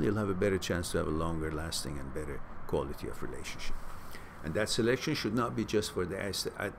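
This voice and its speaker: Over some background noise, a man with a low, creaky voice hosts a live-stream Q&A. He reads viewer messages aloud, then answers with blunt, swearing advice delivered as an animated pep talk in a casual chat.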